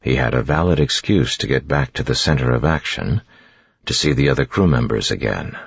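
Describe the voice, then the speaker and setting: Very deep husky male audiobook reader, steady delivery, dry and dull recording. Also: brisk, no echo. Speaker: audiobook narrator. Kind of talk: scripted narration. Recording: dull, dry studio sound.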